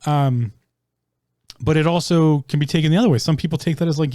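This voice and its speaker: A man's voice: fairly high pitch, fairly quick, mellow, dry recording, clean studio sound. A man hosting a solo podcast, rambling with many ums and restarts, casually swearing as he searches for words. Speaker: podcast host.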